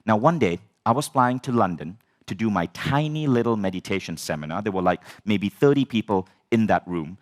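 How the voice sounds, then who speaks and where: A man telling a personal story as a personal growth speaker, animated, swearing and acting out the dialogue. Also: fairly low pitch, fairly quick, few pauses. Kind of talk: storytelling talk.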